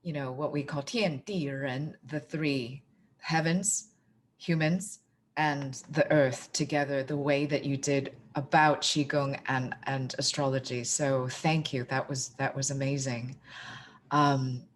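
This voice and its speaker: A woman hosting a podcast interview, asking questions and affirming her guest in a measured way. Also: very deep voice, steady tone, slight background noise. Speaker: podcast host.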